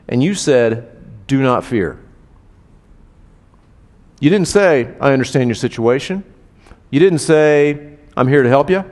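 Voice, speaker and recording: A male pastor gives a conversational sermon, talking to his listeners directly. He gets animated, jumping up in pitch and volume when he acts out the voices of the people in his text. He drops low and quiet when he draws out the lesson. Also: big-room sound.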